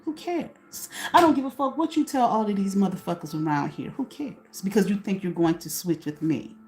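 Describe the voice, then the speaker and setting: A woman's voice: mid-range voice, quick pace, a little mellow, soft background music. Profane woman ranting to camera. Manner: profane, confrontational, asks herself questions. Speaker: channel host.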